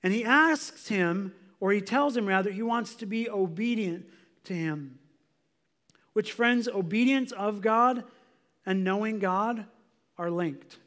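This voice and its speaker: A male pastor delivers a sermon in a fairly high voice. He speaks earnestly and with emphasis, reading scripture aloud and acting out the prayers he quotes. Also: slow, fairly bright tone.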